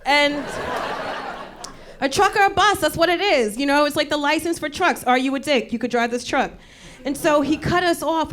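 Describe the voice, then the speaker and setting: A woman comedian hosting a live show, telling a profane, animated story and acting out the people in it. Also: high-pitched. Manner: animated, profane, acts out quoted voices. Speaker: comedian host. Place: stage before a live audience. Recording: loud crowd laughter. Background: audience laughter.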